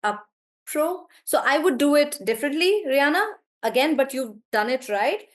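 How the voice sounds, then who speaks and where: A woman's voice: high voice, expressive, moderate pace. A young woman teaching an online class, thinking aloud as she checks words and encourages students. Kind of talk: live online class, coaching students on syllables.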